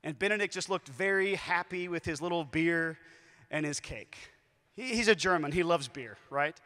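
A man giving a talk at a youth conference, telling stories in a lively way with shifting emphasis. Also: fairly high pitch, normal speed. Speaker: conference speaker. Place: large conference hall. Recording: echoey hall with long reverb.

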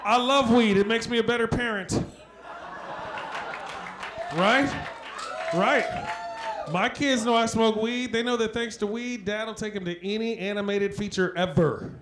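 Guy doing stand-up, kinda high voice, cussing a lot, noisy live recording. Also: fairly even intonation, a little slow, long pauses, crowd noise. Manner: punchy, profane, laughing at his own lines. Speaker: comedian. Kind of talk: stand-up comedy.

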